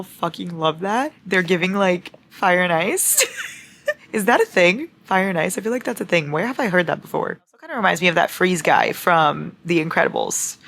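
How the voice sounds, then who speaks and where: A young woman with a bright, forceful voice that sits on the low side, chatting at home about her reading. She gushes, gets carried away and swears freely. It is a loose, casual vlog chat. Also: vocal fry, slight background noise. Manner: gushing, excitable, swears freely. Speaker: book vlogger. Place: at home, cozied up in a blanket.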